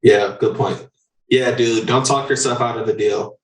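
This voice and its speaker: An excitable, foul-mouthed man hosts a casual coaching chat. He sits back from the mic in a roomy, echoing space, so his voice carries at a distance with a middle-range pitch. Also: normal speed. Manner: excitable, profane, animated. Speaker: podcast host.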